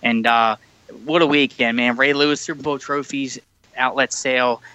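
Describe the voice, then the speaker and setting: A podcast co-host chats casually over a remote call mic, telling a rambling story packed with fillers. His mid-range voice moves at a normal, steady pace and sounds bright, forceful, clear and resonant. The recording is rough, though it has no room sound.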